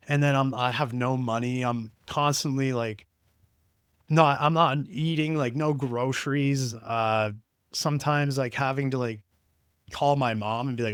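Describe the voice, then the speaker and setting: A man's voice: medium pitch, clean tone, dry recording. A young man hosting a podcast, telling a personal story in a rambling way, full of "like" fillers. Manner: rambling, heavy use of "like" fillers. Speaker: podcast host. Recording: dry close-mic home studio.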